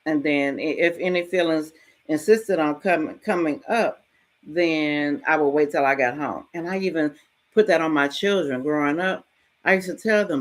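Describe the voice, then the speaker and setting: A middle-aged woman hosting a podcast, giving a frank, casual motivational talk and telling stories with lively ups and downs and some mild swearing. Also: sits low, moderate pace. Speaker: podcast host.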